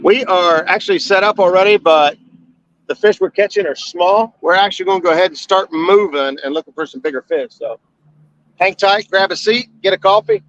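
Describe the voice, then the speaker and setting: A man's voice: high-pitched, fairly quick, muffled recording. A man hosting a live fishing stream from a boat on a bay, talking easily about where the fish are. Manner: relaxed, easygoing, describes what he sees on the water. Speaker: fishing channel host. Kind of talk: casual livestream narration.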